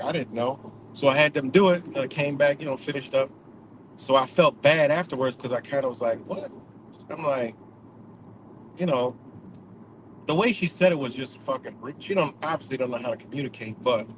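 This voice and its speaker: A vlogger with a medium-pitched voice gives a casual spoken reflection against a noisy background. He rambles along, full of fillers, restarts, and swearing.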